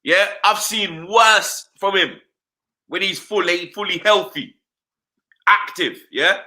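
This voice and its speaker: A man rants about football on a live stream, his voice very bright and ringing, pitched a bit high. He fills every thought with street slang and keeps asking "you understand?". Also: takes it slowly. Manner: animated slangy rant, repeats "blood" and "you understand". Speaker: football fan pundit.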